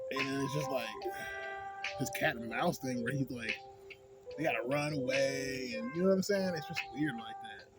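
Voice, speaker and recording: A man vlogging a casual movie review, rambling and cursing heavily. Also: mid-range voice. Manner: profane, rambling, animated.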